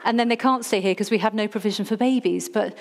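A middle-aged woman preaching to her congregation with lively, humorous energy. She has an everyday mid-pitched voice and brings the room in by getting them to repeat words back to her. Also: quick pace, vocal fry, a faint crowd, slight background noise. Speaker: church leader. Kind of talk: sermon.

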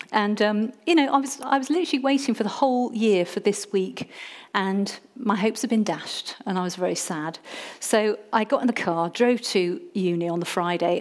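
A woman telling a lively personal testimony story, self-mocking and acting out her own past pleas. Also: mid-range voice.

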